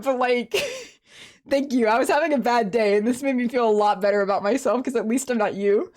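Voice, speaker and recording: A woman's voice: a little high, expressive, normal speed, pauses often, darkish tone. A young woman streamer chatting casually with viewers, rambling with many fillers and restarts, and laughing in a sniffly way that sounds close to tears.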